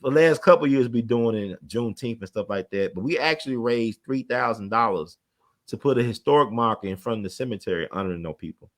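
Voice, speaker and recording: Fast-talking man telling history. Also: mid-range voice. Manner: rapid, animated storytelling, admits talking fast. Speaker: interview guest, community organizer. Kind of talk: casual conversational interview.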